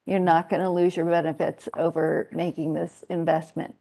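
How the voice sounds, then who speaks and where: A woman testifying at a public hearing, speaking thoughtfully and hesitantly with many pauses. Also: low voice, level tone, gravelly, mellow. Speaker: hearing witness, independent living center worker.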